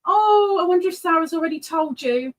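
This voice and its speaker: A woman's voice: very high voice, lively intonation, a little fast, poor audio. A middle-aged woman hosting a casual livestream, chatting playfully and reading viewers' messages aloud. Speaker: livestream host.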